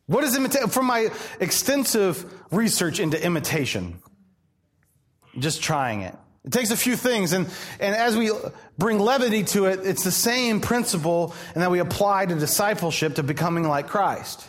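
A man in his thirties, a pastor, preaching a sermon in an animated, self-deprecating way, with humorous asides. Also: high voice, normal speed.

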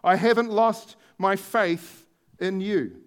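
Guy preaching, doing a grieving woman, slow pleading emphatic lines, highish voice. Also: steady tone, clear, resonant tone.

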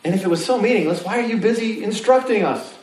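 High-pitched and fast, a man preaches in a church sanctuary with animated, casual humor, acting out the voices of the people listening. Faint noise comes through the roomy, distant mic.

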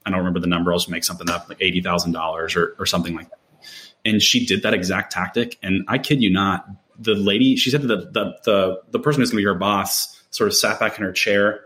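Bright-voiced man talking casually. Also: on the low side, steady tone, brisk. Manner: rambling, many fillers and restarts. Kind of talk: casual conversation.

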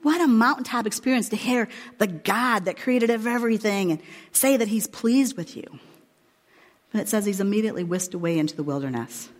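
A woman's voice: mid-range voice, animated, fairly quick, in a large hall. A woman preacher giving a conversational, emphatic sermon retelling Bible stories.

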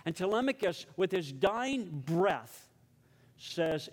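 A male pastor delivering a sermon with dramatic storytelling. His voice sits a little high. He goes quiet and hushed when he leads prayer. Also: moderate pace.

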